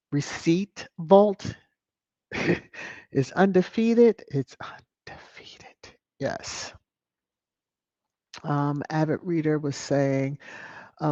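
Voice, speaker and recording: A host, chatting casually on a livestream and reading viewer comments aloud, with sudden high whoops and chuckles. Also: no echo. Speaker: channel host. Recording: dull, dry lo-fi audio.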